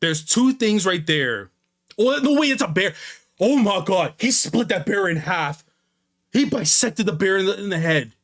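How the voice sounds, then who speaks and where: A young man reacting to a manga chapter, excitable and slangy, jumping between loud outbursts and low mutters. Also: normal speed. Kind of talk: animated reaction commentary.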